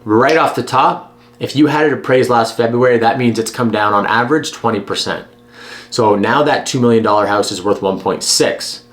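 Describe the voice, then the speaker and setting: This is a man with a medium-pitched voice, speaking straight to camera. His delivery is blunt and emphatic, with a persuasive push behind each point. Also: normal speed, a bit bright. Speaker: real estate agent. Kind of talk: direct-to-camera advice vlog.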